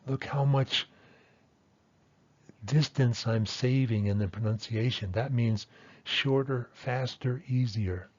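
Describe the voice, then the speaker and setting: A man's voice: mid-range voice, slow pace, a little mellow, muffled recording. A man teaching a language lesson, patiently explaining and sounding out example words one by one. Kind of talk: explaining pronunciation at a whiteboard.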